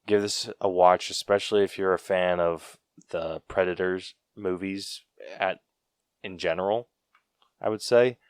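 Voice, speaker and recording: A young man hosting a podcast, talking in a relaxed, blunt and laid-back way. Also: low-pitched, unhurried, clear, resonant tone, dry recording, studio quality. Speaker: podcast host. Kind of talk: casual podcast chat.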